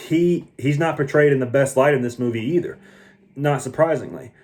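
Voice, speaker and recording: A man's voice: mid-range voice, fairly quick, a little mellow. A tired man talking through a casual movie review, earnest and opinionated, often restarting his sentences. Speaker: film reviewer.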